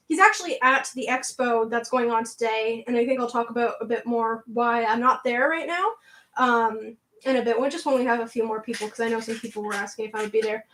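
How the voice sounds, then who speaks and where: A woman's voice: a little high, a bit bright, poor audio. A young woman with a southwestern Ontario Canadian accent hosting a casual livestream. She is bubbly and chatty, laughs often, and answers her viewers' chat as she goes. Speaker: livestream host.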